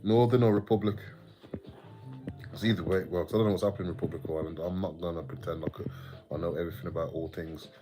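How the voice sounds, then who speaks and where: A man from the English Midlands hosts a late-night livestream in a deep, low voice. He rambles casually, swears a lot and answers chat comments as they come in. Faint music plays underneath. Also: fairly even intonation, fast. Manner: chatty and rambling, sweary, laughs often, reads out viewer comments. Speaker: livestream host.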